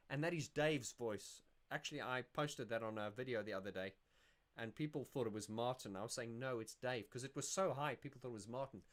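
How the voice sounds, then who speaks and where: A man hosting a casual livestream, answering viewer questions in a rambling, self-correcting way. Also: medium pitch. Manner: rambling and self-correcting, sings snippets to illustrate.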